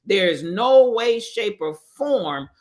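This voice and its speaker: A woman's voice: mid-range voice, expressive, slow, a little mellow. A woman hosting a live stream, commenting on current events with emphatic repetition and calling out viewers by name.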